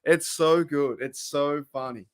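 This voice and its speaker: An Australian man hosting a podcast from his room alone, chatting in an excitable, rambling way and often laughing. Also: fairly high pitch, a little slow, smooth. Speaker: podcast host. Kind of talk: casual livestream chat.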